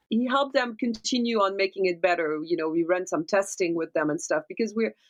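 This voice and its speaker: A woman, a dubbing producer, answers interview questions at length in a voice of middling pitch. She talks with animated energy and keeps checking in with tag questions. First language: French. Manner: animated explainer, tag questions like right and okay.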